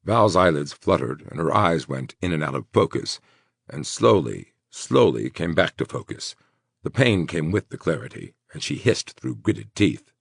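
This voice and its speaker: Deep gravelly male audiobook narrator, lively delivery, dry close sound. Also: normal speed, no echo. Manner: dramatic, expressive reading. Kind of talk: scripted horror narration.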